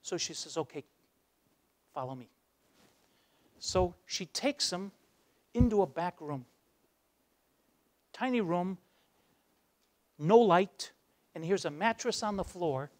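High-voiced man telling a story. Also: lively intonation, takes it slowly, long pauses, a little mellow. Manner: acts out the voices in his stories, drops low for dramatic moments. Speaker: guest speaker. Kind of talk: motivational storytelling speech. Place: university lecture hall.

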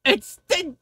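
Woman, livestreamer, casual profane ranting, very animated pitch, dry recording. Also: no room sound.

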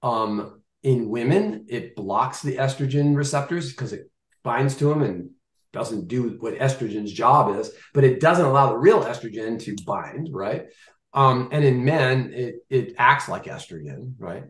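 A man's voice: mid-range voice, animated, measured pace, roomy sound. A man in his fifties talking casually and animatedly about food, acting out shoppers' thoughts in mock voices. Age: 50s. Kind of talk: casual chat.

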